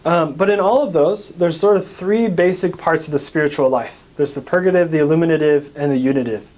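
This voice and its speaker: A man's voice: on the high side, a little fast, few pauses, darkish tone. An American man, a priest, recapping a parish teaching talk in a conversational way, asking questions and answering them himself.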